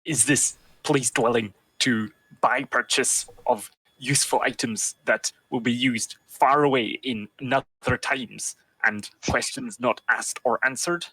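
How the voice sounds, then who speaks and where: A shifty little rat creature in a tattered robe, put on by a man at a tabletop game, talking slowly in broken, halting phrases and tacking on "yes, yes" over and over. The voice is bright but a little husky, with a dry, close sound. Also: medium pitch, fairly even intonation, dry recording, exaggerated voice, poor audio. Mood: furtive.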